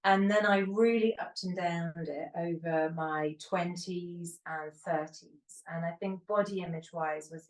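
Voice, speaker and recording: A woman in her fifties co-hosting a podcast, chatting candidly and telling long rambling stories. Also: on the low side. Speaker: podcast co-host. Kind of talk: casual chat. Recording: roomy echo, distant from the mic.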